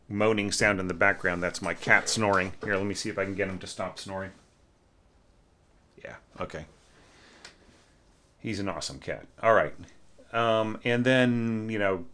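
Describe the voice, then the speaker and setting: A man with a deep voice and a crisp, forward edge, teaching orchestration from home. He talks in a loose, conversational way, full of fillers, and hums passages to show how they should sound. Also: sharp tone. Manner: candid and conversational, sings passages, many fillers. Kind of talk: casual score critique. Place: home room with a snoring cat.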